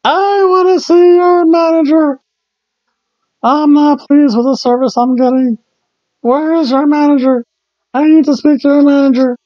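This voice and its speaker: A man putting on a shrill, whiny mom demanding a manager. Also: steady tone, measured pace, no echo, highs cut off. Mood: complaining. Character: whiny middle-aged woman demanding a manager.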